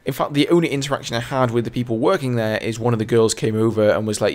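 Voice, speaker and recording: A man's voice: mid-range voice, fairly even intonation, fast talker, hardly any pauses. A young man from England with an English accent, a gaming channel host telling a casual story in a chatty, rambling way. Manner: chatty and rambling, full of "you know".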